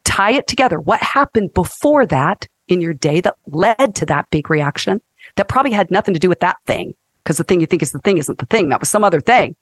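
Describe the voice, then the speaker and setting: A woman in her fifties, a counselor and guest, talking in an animated, emphatic teaching way on a faith-based podcast. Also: lowish voice, fairly quick, no echo, clean studio sound.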